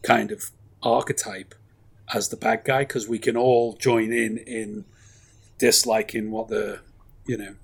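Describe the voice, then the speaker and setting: A man's voice: medium pitch, animated, unhurried, vocal fry, breathy edge. A man, chatting casually about films in a rambling, enthusiastic way with plenty of fillers. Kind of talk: casual film chat.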